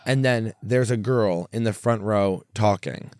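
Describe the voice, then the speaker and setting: A young man with a fairly low voice hosts a comedy podcast and tells stories in a rambling, animated way. He stumbles over fillers and restarts, and the sound is dry and close to the mic. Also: unhurried, clean tone, no echo. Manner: rambling, animated, lots of fillers and self-interruptions. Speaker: podcast host and stand-up comedian. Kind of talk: casual storytelling chat.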